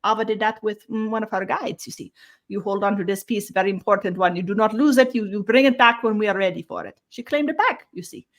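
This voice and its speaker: Woman putting on a dreamy alien star-being, slow singsongy drawl, says "you see" all the time. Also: mid-range voice, pitched above the performer's own voice, lightly acted. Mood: teaching. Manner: slow, sing-song, repeats "you see", broken grammar. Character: ageless otherworldly star-being speaking for a collective. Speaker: channeled guide. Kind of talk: spiritual channeling session.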